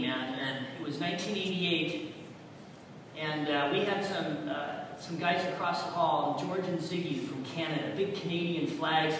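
A man in his fifties from California preaching a sermon, telling stories animatedly and swinging from hushed tones to loud exclamations. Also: fairly high pitch. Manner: animated storytelling, shifting from hushed to shouting. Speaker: pastor. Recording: echoey hall from far off, audible room noise.

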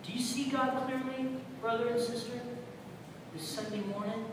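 A male pastor with a high voice preaches to his congregation, firing rhetorical questions and repeating key words for emphasis, loud one moment and hushed the next. He is heard from a distance in a large church hall with a long echo and a steady low rumble behind him. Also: moderate pace. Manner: rhetorical questions, emphatic repetition, swings between loud and quiet. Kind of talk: sermon. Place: large echoey church sanctuary. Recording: echoey hall, distant mic, rumbling noise.

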